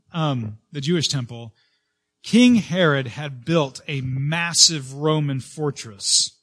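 A man preaching a sermon as pastor, earnest, with frequent fillers and restarts, rising and slowing to stress key words. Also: a little high, animated, a bit bright.

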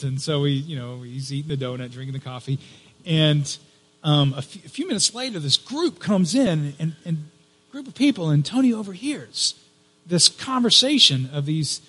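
A pastor telling a story from the pulpit, his fairly high voice trailing off into a long hall reverb. He talks in a relaxed, conversational way, stopping often to restart a phrase. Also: husky. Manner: conversational, halting with fillers and restarts. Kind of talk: sermon storytelling.

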